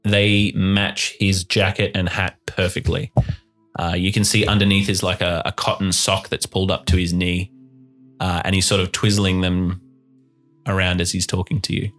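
A man's voice: low voice, flat delivery, normal speed, a bit bright, soft background music. A man narrating as game master in a tabletop game, describing scenes at length with fillers.

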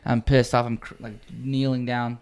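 Smooth-voiced young man telling stories. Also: mid-range voice, normal speed. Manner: animated storyteller, frequent "like" fillers. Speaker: dance crew member. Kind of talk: casual storytelling chat.

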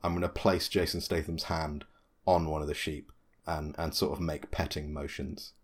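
A man playing a tabletop game, talking quickly and joking. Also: very deep voice, level tone. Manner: quick and jokey. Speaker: player. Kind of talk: casual game chat.

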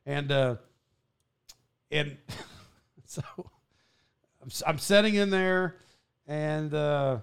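A man's voice: fairly high pitch, drawn-out words, pauses often, clear, resonant tone. A man hosting a podcast, telling a school story in casual chat, rambling and laughing with many restarts. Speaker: podcast host.

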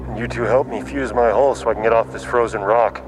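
A man plays a terse armored bounty hunter with a low, guarded delivery. It comes from a film clip with a clear music score underneath. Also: steady tone, fast, lightly acted, poor audio.

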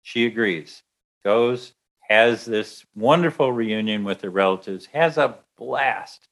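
Male storyteller, lowish voice, lively, acts out the parts. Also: slow pace, vocal fry. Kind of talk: telling an anecdote.

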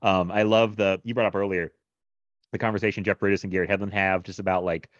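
Low-voiced guy rambling excitedly about a movie, muffled lo-fi audio. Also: fast, no room sound. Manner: rambling, enthusiastic, laughs often. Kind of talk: casual film discussion. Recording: dull lo-fi sound.

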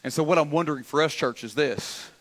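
Pastor guy preaching, high voice, bright and tense, lots of stammery restarts. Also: fast. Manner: builds from calm teaching to loud, rising exhortation; calls on the congregation to answer back. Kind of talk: sermon. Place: church sanctuary.

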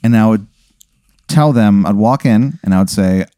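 Mellow-voiced man playing along warily. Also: normal speed, no room sound, studio quality. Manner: short wary replies, squeaks up when outraged. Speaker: podcast co-host. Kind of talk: casual comedic banter.

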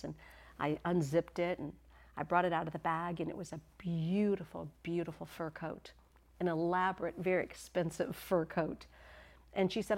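A middle-aged woman delivers a teaching sermon with a somewhat low voice. She is earnest and emphatic, slowing down and sinking to a whisper when she wants a point to land. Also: steady tone, darkish tone. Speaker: Bible teacher.

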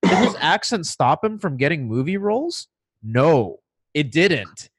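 A man's voice: a little high, very animated, a little slow. A man in casual conversation, explaining his points emphatically in an argumentative way. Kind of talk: casual chat.

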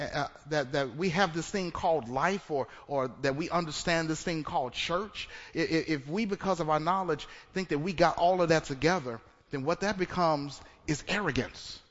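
A man's voice: a little high, fairly bright tone. A man preaching a sermon to his congregation, talking in a conversational way, often repeating words and asking rhetorical questions. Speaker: pastor. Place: church sanctuary. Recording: dull echoey church recording.

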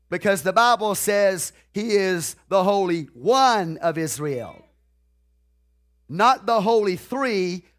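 A man delivers a sermon in a high-sitting voice with a fairly bright tone, deliberately drawing out repeated key phrases and directing questions at the congregation.

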